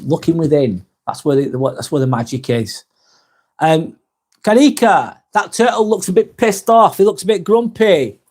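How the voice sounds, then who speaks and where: A man's voice: fairly high pitch, expressive, moderate pace, darkish tone. Chatty Northwest English man streaming. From Northwest England. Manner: chatty, swears casually, reads viewer comments aloud. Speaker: live vlog host reading chat. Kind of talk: casual livestream chat.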